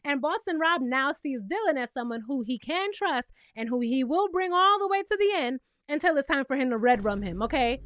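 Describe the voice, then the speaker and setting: A woman's voice: high-pitched, a bit bright, no room sound, studio quality. A woman giving casual, sassy commentary as she recaps a reality TV show, talking straight to her viewers with lots of emphasis. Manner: acts out quotes in exaggerated voices. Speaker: TV recap reviewer.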